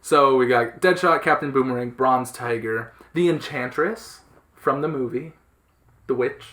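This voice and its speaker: A man's voice: medium pitch, measured pace, a bit bright. A man hosting a casual podcast chat, explaining things enthusiastically with lots of fillers and restarts. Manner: enthusiastic, rambling, many fillers. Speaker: podcast host. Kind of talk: casual chat about comics.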